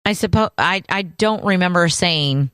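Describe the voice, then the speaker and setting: A woman's voice: lowish voice, moderate pace, a bit bright, clean tone, no echo, clean studio sound. A woman co-hosting a casual chat show, playful and teasing, laughing often as she talks about her kids. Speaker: podcast co-host.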